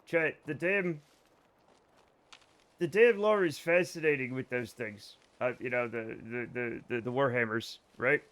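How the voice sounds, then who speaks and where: A man's voice: fairly high pitch, fairly bright tone. Rambling joking man streaming a game. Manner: rambling, joking, swears freely. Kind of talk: casual let's-play chat with viewers.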